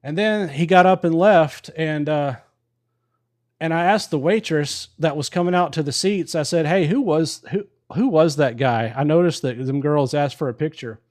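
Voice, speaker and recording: Speaking at a moderate pace in a fairly high, slightly mellow voice, a livestream host with a wife shares a casual story peppered with laughter and curse words, picked up by his stream mic.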